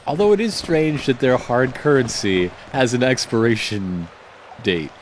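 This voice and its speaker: A man's voice: medium pitch, lively intonation. Joking guy co-hosting a game stream, voice jumps all over, noisy background. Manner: joking, quick wisecracks. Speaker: co-host. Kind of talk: casual gameplay banter.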